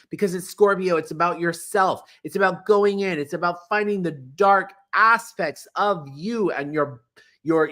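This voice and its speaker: A man hosting a spiritual astrology talk, repeating phrases like a mantra and slowing to a soft pace when he guides the breathing. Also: a little high. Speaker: astrology host.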